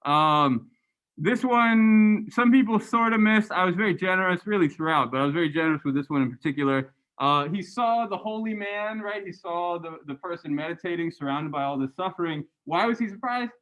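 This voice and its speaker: A man lecturing a university class and going over graded answers, animated and chatty, often adding "right?". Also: high voice, a little fast, rough recording. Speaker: university religious studies lecturer.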